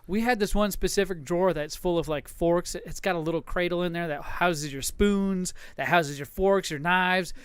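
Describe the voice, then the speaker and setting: Male podcast co-host with a high, resonant, dry-sounding voice, animated and crude. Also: normal speed, hardly any pauses, smooth, no echo. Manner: animated, profane, acts out his wife's lines. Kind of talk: casual crude storytelling.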